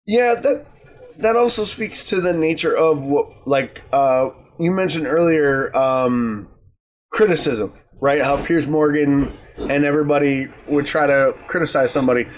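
A man on a casual podcast, reasoning things through calmly with fillers and tag questions. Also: fairly high pitch. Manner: measured, reasoning with fillers and 'right?'. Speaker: podcast co-host.

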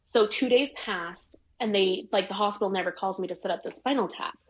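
A middle-aged woman telling a personal story in casual chat, animated and swearing freely. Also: medium pitch, brisk, husky, low-quality recording. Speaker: guest.

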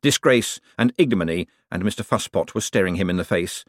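A man narrating a comic fantasy novel as an audiobook, with expressive, wry storytelling. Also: low-pitched, a little fast, no room sound, clean studio sound. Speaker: audiobook reader.

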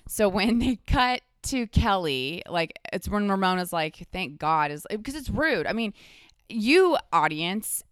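A woman who is a podcast guest, telling stories in a rambling, animated casual chat full of restarts and asides. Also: medium pitch, unhurried, clean tone, dry recording, studio quality.

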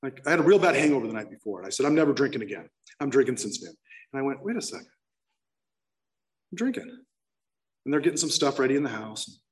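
A man's voice: medium pitch, lively intonation, very fast, recorded from a distance. A man candidly telling his personal recovery story, emotional, with many restarts. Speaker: speaker sharing his story.

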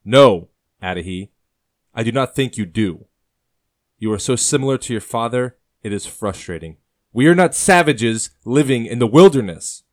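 A man's voice: lowish voice, moderate pace, voice pushed up, lightly acted. A man voicing an older male colonial rebel leader who speaks sternly and lectures with passion. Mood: stern passionate.

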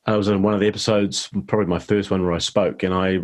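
A middle-aged man with a New Zealand accent, chatting as a guest actor in an interview, relaxed and self-deprecating. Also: low-pitched, fast talker. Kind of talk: casual interview chat.

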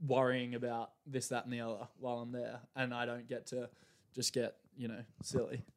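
Man, podcast guest, casual chat, animated storyteller, acts out quotes, laughs a lot. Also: medium pitch, normal speed.

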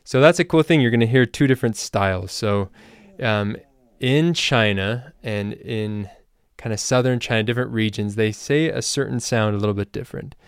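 A man hosting a language-learning podcast, explaining things in a relaxed, casual way with loose fillers. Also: on the low side, moderate pace, smooth, no room sound. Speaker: language teacher and podcast host. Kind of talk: casual spoken lesson.

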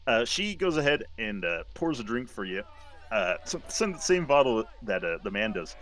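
A man narrating a tabletop game as game master, halting often with fillers. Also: fairly low pitch, big pitch swings, a bit bright.

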